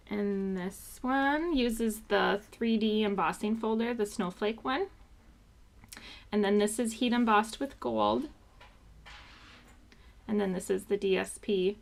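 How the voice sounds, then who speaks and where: A woman's voice: mid-range voice, gravelly. A woman hosting a live card-making class, chatting casually and showing each sample card. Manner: chatty, upbeat, loose with fillers. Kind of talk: live craft class walkthrough.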